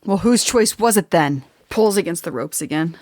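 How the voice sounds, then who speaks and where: A woman's voice: lowish voice, lively intonation, moderate pace, a little mellow, no echo, clean studio sound. A woman playing a tabletop game, speaking tersely and directly. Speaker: player. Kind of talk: casual chat.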